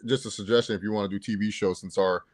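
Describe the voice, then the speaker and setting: A man co-hosts a sports podcast, chatting casually as he rambles, repeats words and laughs at himself. His lowish voice keeps a steady tone at a quick pace, with slight background noise.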